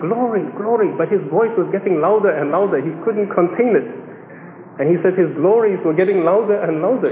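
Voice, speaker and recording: High-voiced man preaching in an echoey hall. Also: slight background noise. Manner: animated storyteller, acts out quoted voices with chuckles. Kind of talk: sermon storytelling. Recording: echoey hall, phone-like band.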